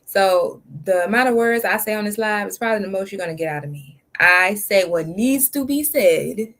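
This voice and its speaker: A woman's voice: mid-range voice, normal speed, a bit bright. Blunt drawling woman host. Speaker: reaction channel host. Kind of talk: casual commentary.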